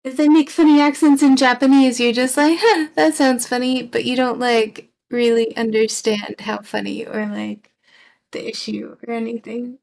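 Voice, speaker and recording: A young woman from the UK chatting casually on a stream, softly spoken and often dropping into a whisper. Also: a little high, level tone, normal speed, gravelly. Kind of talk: casual stream chat, reading and answering chat.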